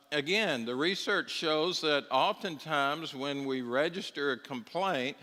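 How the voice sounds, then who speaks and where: In a church hall with a long reverb, a middle-aged man leads a Bible class conversationally, frequently asking listeners whether they agree. His voice is fairly high, pushed and bright.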